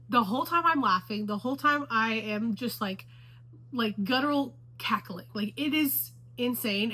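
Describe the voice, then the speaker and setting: A woman's voice: a little high, bright, forceful tone, low-quality recording. A woman chatting casually to the camera about books she loves. She gushes and repeats herself for emphasis. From Houston, Texas area. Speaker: book vlogger.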